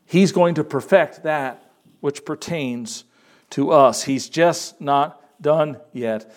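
An older male preacher delivers a sermon, his voice sitting a little high for a man. He leans on repetition, quotes scripture and lets his delivery rise and fall for emphasis. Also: takes it slowly. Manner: expressive, repeats words for emphasis, quotes scripture.

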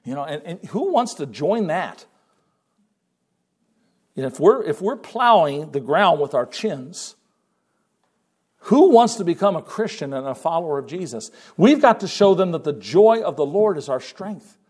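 Older man, pastor, sermon, lively emphasis, quiet asides, slightly high voice. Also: normal speed, husky. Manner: animated, shifting between loud emphasis and quiet asides.

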